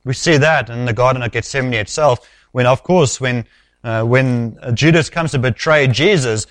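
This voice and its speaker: Preaching verse by verse, this man keeps a deliberate, forceful rhythm and tends to let his pitch fall at the close of each phrase. The recording is dry, with no room sound.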